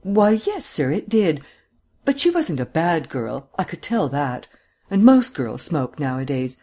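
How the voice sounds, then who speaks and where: A man's voice: fairly high pitch, very animated, unhurried, darkish tone, full character voice. A man reading an audiobook, voicing a frightened and obstinate middle-aged housekeeper who turns eager and pleading. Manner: dogged, then eager and pleading.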